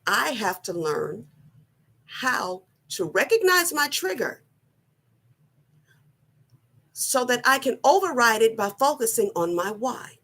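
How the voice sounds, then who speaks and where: A middle-aged woman giving a personal motivational talk, slow, earnest and deliberate, often repeating her phrasing. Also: a little high, sing-song, sharp tone. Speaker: wellness vlogger.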